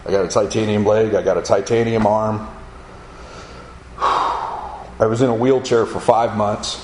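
A man's voice: fairly low pitch, steady tone, a little slow, reverberant, a little hiss or hum, low-quality recording. A man giving a spoken testimony to an audience, telling his story vividly and acting out the voices of the people in it. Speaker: speaker giving a personal testimony.

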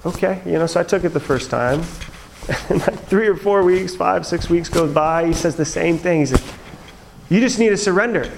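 A man telling his own testimony in a chatty, animated way, with many fillers and laughs. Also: fairly high pitch, moderate pace, gravelly, noisy background. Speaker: speaker sharing his testimony. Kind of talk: storytelling testimony talk.

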